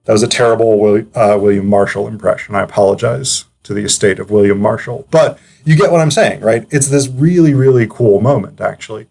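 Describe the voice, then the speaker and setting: A man's voice: lowish voice, brisk, vocal fry, few pauses, darkish tone, faint music behind. A man giving casual, analytical commentary as a film reviewer, chatty and digressive, with frequent hesitations.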